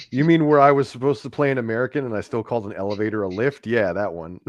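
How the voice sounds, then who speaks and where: A man's voice: mid-range voice, quick pace, no echo. A man co-hosting a casual fan podcast, easygoing, with chuckling asides. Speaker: podcast co-host. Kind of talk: casual chat.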